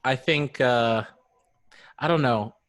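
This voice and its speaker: A man hosting a relaxed podcast chat, talking at an unhurried, drawn-out pace. He jokes about himself easily and keeps the conversation loose. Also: medium pitch. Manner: joking, self-deprecating, quick laughs. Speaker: podcast host and dungeon master.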